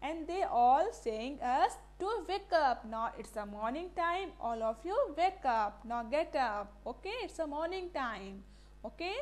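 A woman's voice: sits high, expressive, unhurried. A woman teacher, giving a classroom lesson, asking the class questions and repeating key words, now and then slipping into Hindi. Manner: mixes Hindi phrases into English.

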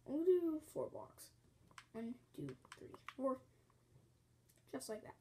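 A woman's voice: high voice, animated, takes it slowly, dark tone, a little hiss or hum. A woman teaching a building game step by step, counting blocks aloud, apologizing often as she fights off a cough at home. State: bouts of coughing. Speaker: game tutorial host.

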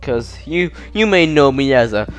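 A young man casually commenting over his own gameplay, excitable and quick to yelp when startled. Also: medium pitch, clear, resonant tone, faint music behind. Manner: excitable, yelps and shouts at jump scares. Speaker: gaming channel host.

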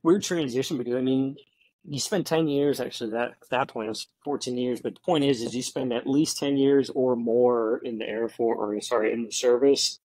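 Animated man telling a funny war story. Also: mid-range voice, moderate pace, no room sound, poor audio. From Florida. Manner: animated storyteller, many fillers and restarts, laughs easily. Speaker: guest, veteran and tech founder. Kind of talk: casual storytelling interview.

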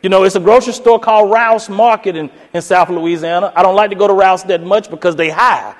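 A man tells a story to a crowd as a keynote speaker, his voice sitting high. He is animated and jumps into others' voices, going up into falsetto for the women. The sound rings with a long echo in a large hall. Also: a little fast. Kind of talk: storytelling speech.

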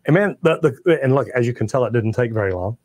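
Encouraging middle-aged Texan plumber, dry sound. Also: male voice, mid-range voice, lively intonation, quick pace, darkish tone, no echo. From Texas. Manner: encouraging, conversational, repeats himself. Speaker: host, master plumber. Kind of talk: live stream chat answering viewer comments.

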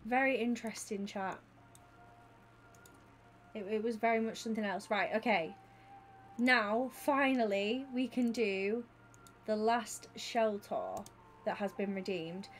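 A woman's voice: mid-range voice, unhurried, long pauses, a little hiss or hum. Chatty woman streamer. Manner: chatty and excitable, talks to chat by name. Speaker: Twitch streamer. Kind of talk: casual livestream chat with viewers.

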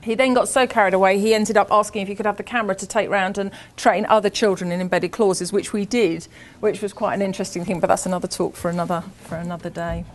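A middle-aged woman headteacher speaks at a conference keynote. She talks in a chatty, enthusiastic, conversational way, and her voice sits at an ordinary middle pitch. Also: steady tone, fast, hardly any pauses.

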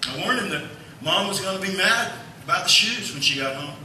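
A male pastor preaching a sermon, telling a family story in a folksy, animated way. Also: high-pitched, brisk, few pauses, slight background noise. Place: church sanctuary. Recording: echoey church hall from far off.

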